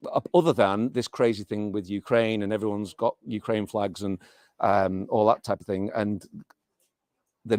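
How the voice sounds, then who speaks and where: With a lowish, darkish voice, a middle-aged man from England who teaches chats hesitantly in an interview, restarting often and leaning on fillers. It's studio quality with no echo.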